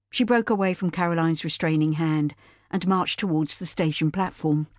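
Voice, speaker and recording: Her lowish voice carries a historical novel aloud with steady, measured storytelling, as an audiobook narrator reading from script. The recording is studio quality and dry.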